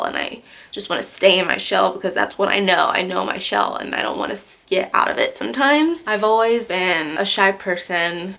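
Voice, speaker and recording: Young woman with a gravelly, candid voice. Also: mid-range voice. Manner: candid, soft-spoken, halting with fillers. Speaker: vlogger. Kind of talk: reflective personal talk to camera.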